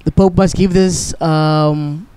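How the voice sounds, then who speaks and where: A man's voice: fairly high pitch, fairly even intonation, takes it slowly, mellow, smooth, dry recording. A man with a South African accent, a podcast guest earnestly sharing a faith testimony and often saying "bro". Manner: earnest, preachy, calls listener "bro". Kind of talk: casual testimony. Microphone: studio mic.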